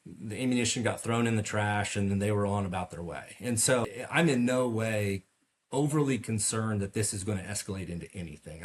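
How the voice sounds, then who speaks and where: A middle-aged man, a podcast guest, earnestly recounting a personal story in detail with frequent fillers and restarts. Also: on the low side. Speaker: podcast guest, medical device sales rep. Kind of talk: storytelling interview.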